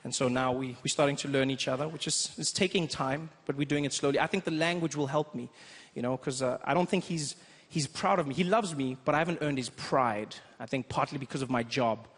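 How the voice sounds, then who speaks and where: A South African stand-up comedian in his thirties performs a playful set on a theater stage, his medium-pitched voice animated and quick as he tells stories. The recording is echoey, with crowd noise.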